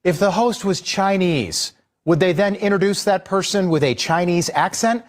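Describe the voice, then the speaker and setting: A man's voice: sits high, normal speed. A man hosting a news show, giving exasperated, emphatic opinion commentary. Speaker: news host.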